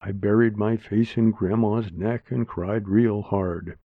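Slow, gravelly man narrating a story. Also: lowish voice, fairly even intonation, dry recording. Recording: dry, tinny phone-like sound.

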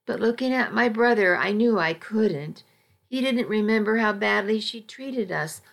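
A woman reading a first-person story aloud in a measured, even storytelling delivery. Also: medium pitch, gravelly. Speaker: audiobook narrator. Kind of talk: first-person scripted narration.

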